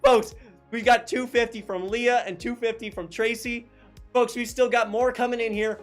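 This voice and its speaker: A high-pitched man hosts a live charity fundraiser, cheering and calling out donor names. His voice climbs into excited shouts as the gifts come in. Faint music plays behind him. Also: moderate pace. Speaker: fundraising auctioneer host.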